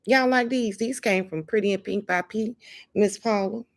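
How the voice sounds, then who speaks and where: A woman's voice: medium pitch, moderate pace. Chatty woman hosting a live stream. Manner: warm, emphatic, calls viewers honey and baby. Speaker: livestream host. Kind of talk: casual livestream chat.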